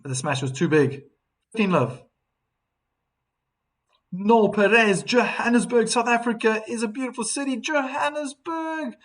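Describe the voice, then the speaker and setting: High-voiced chatty male tennis streamer. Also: animated, a little slow, long pauses. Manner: chatty, reads viewer comments between points. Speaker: live stream tennis commentator. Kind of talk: live streaming commentary.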